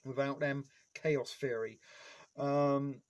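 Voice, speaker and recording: A man's voice: mid-range voice, fairly even intonation, slow. Rambling, foul-mouthed man live-streaming. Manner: rambling, heavy swearing; nostalgic fan enthusiasm. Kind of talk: casual live-stream chat.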